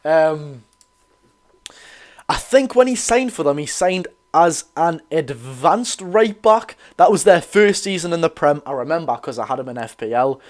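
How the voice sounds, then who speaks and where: A man's voice: on the high side, very animated, unhurried. A man with a Geordie accent hosting a live football watch-along, giving chatty commentary, correcting himself and greeting viewers.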